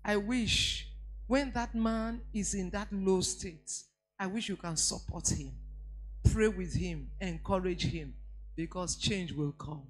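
A woman pastor with a Nigerian accent preaching on marriage, emphatic, slowly repeating key lines and telling stories. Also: mid-range voice. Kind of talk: sermon on marriage.

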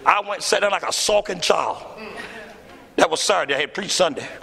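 A male pastor preaching to a congregation, telling a story in a lively, theatrical way and acting out the dialogue. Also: fairly quick, gravelly, heavy background noise. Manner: animated, acts out dialogue with big pitch swings. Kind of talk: storytelling sermon. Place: church hall before a congregation. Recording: echoey church hall.

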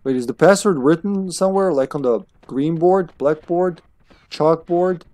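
A man streaming a game live chats in a relaxed way, cursing and laughing as game music plays behind him. He speaks at normal speed in a slightly high, slightly mellow voice, with no room sound.

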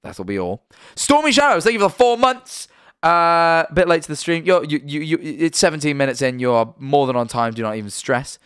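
A man's voice: fairly high pitch, clean tone, no room sound, studio quality. A British man hosting a livestream, chatting casually, swearing now and then and reading out subscriber names. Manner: chatty and animated, swears, stumbles over names. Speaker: livestream host.

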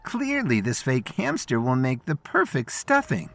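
A confident, charismatic woman improv performer who teases with ease, as a male narrator puts her on. The voice is raised above his low natural pitch and moves in lively swings. Faint music sits in the background. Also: unhurried, creaky, full character voice. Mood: cheerful. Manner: teasing, confident, reassuring.

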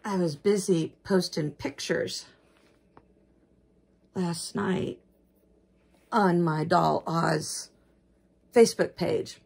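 A woman chatting casually to camera about her dolls, slow and unhurried. Her voice is gravelly and husky, with a rambling, homespun way of talking that breaks into gushing gasps. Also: fairly low pitch, a little mellow. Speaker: doll collector vlogger.

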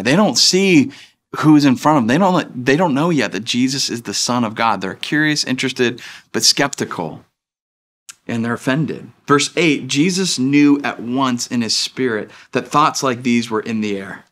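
A man in his thirties delivers a sermon in a church. He talks in a loose, chatty way, full of little fillers and restarts, and his voice sits at an ordinary middle pitch. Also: moderate pace, a bit bright. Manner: casual conversational preaching with filler words. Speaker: pastor. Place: church stage.

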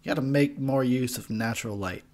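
A man's voice: mid-range voice, brisk, darkish tone. A young man giving a tipsy, profane movie commentary, rambling and laughing at his own jokes. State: tipsy from beer.

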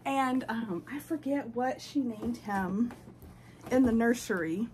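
A woman hosting her doll channel, who gushes with excitement and coos to her dolls. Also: fairly high pitch, slow, a little hiss or hum. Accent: American. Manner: gushing, excitable, lots of "oh my goodness"; baby talk to her dolls. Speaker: reborn doll channel host. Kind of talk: unboxing vlog chat.

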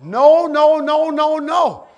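A male pastor with an American accent preaching a sermon, often shouting and stretching out his words. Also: very high voice, dull audio. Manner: preaching with shouted, drawn-out exhortations. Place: church sanctuary.

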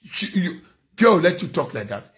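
A man's voice: high-pitched, big pitch swings, moderate pace, fairly bright tone. A man with a Nigerian accent giving a ranting vlog commentary, scolding and preaching, repeating phrases for emphasis.

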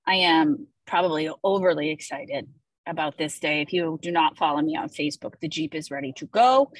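A playful woman hosting a casual call, with a slightly husky tone that sits on the low side for a woman. The sound is dry and close, with no room around it. She talks with enthusiasm and throws in jokey asides. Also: no room sound, poor audio. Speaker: host presenting weekly social media content. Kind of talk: casual chat on a video call.

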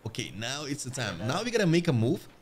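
A man giving live commentary on his own strategy game as a streamer, addressing viewers as "boys" and swinging from muttering to yelling at the screen. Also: medium pitch, very animated, fast, slight background noise. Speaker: gaming streamer.

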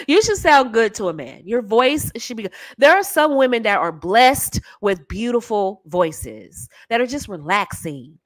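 A woman's voice: medium pitch, no echo. An American woman giving casual, teasing dating advice straight to the camera, often slipping into playful demonstration voices. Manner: animated, teasing, breaks into soft sultry demo voices and laughs. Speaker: dating coach.

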